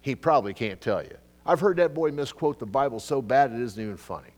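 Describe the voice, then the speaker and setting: A middle-aged male pastor preaching a Bible teaching, swinging between loud, emphatic bursts and quiet asides. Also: medium pitch, animated, a little fast, hardly any pauses, a little hiss or hum. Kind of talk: expository sermon.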